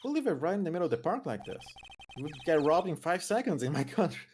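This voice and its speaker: A woman chatting excitably while playing a game on stream, stumbling over her reads and swearing in surprise. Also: lowish voice, fast, a little hiss or hum. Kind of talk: casual let's-play chat.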